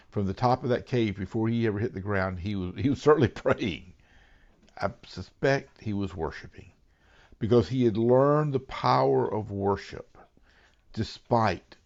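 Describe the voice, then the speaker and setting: A male pastor delivers an earnest sermon, sinking into hushed whispers before rising to emphatic, raised lines. His voice is lowish with vocal fry, and the sound is lo-fi.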